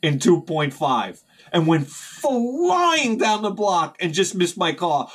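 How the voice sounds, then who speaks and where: A middle-aged man telling a rambling, profane story as a video host, sometimes shouting as he acts out his panic. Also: sits high, sing-song, slow pace, husky. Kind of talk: casual storytelling vlog.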